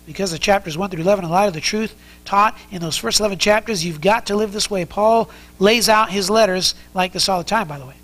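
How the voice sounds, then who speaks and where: A man's voice: high voice, quick pace, fairly bright tone, low-quality recording. A man preaching an expository sermon as pastor, earnest and conversational as he explains the text. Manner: earnest, conversational teaching with frequent restarts.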